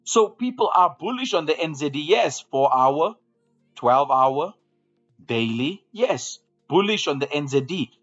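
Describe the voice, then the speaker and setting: A man's voice: a little high, expressive, a little slow, fairly bright tone, muffled recording, soft background music. A man hosting a live trading room, giving market commentary and often repeating phrases to draw viewers along.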